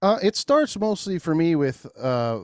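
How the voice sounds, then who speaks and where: A man telling loose stories as a podcast guest. He swears freely, laughs through the telling and acts out the other people in his stories with big jumps in pitch. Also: big pitch swings, unhurried, dry recording, clean studio sound. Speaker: podcast guest, craft beer brewer. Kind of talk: casual storytelling chat.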